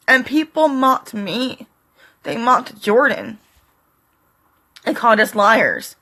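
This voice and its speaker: A middle-aged woman vlogging straight to camera, tearful, pleading and defiant, speaking in short halting fragments. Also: on the high side, big pitch swings, pushed and bright. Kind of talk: emotional direct-to-camera monologue.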